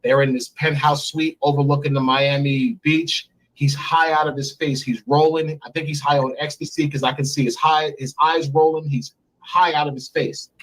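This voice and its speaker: A man in his thirties, recounting a story candidly and profanely in an interview, getting animated as he goes. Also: normal speed, low-quality recording. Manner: animated, profane, climbs high when excited. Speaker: interview guest. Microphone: remote stream mic.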